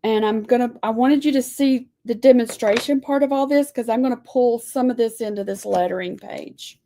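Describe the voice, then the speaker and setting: A woman's voice: a little high, normal speed, mellow, a little hiss or hum. A woman leading a live craft lesson, chatty and folksy as she talks viewers through her lettering. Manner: chatty, folksy, says y'all. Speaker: lettering teacher.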